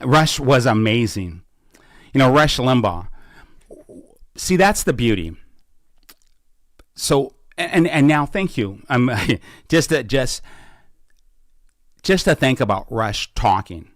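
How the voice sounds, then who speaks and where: A man hosting a podcast, talking about politics in a fervent way and building up to slow, emphatic declarations from a small studio. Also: medium pitch, sing-song, no echo. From Washington State. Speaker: podcast host. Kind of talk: impassioned political talk.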